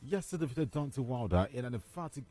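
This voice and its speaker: A man's voice: medium pitch, animated, moderate pace, mellow. A man hosting a radio sports show, reading headlines and putting questions to his co-hosts. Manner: reads headlines, then quizzes co-hosts. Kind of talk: casual sports talk.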